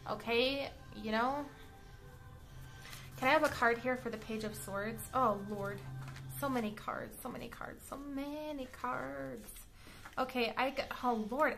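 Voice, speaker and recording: A woman reads tarot cards in a casual, chatty way. Her voice is bright and fairly high, and she keeps checking in with quick "okay?" asides. She talks bluntly and now and then lets a swear word slip. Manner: chatty, checks in often with "okay?" and "all right?". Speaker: tarot reader. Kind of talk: casual tarot card reading to camera.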